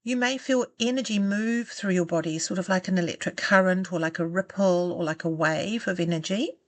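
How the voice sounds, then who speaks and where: A woman coaching self-love, giving calm, gentle and encouraging step-by-step guidance that slows down for the exercises. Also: lowish voice, no echo. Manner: calm, gentle and encouraging, slowing down for guided steps. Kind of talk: guided self-help instruction.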